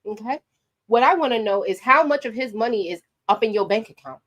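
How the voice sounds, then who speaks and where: A woman's voice: a little high, a little fast. Sassy New woman giving her opinion. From New York. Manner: animated, sassy, direct address to viewers. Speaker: commentary vlogger. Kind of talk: opinionated commentary to camera.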